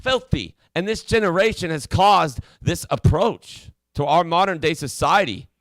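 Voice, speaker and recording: A man's voice: fairly high pitch, animated, unhurried, a bit bright, dry recording. Preachy indignant man hosting a mock show. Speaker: comedy call-in show host. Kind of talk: mock call-in show rant.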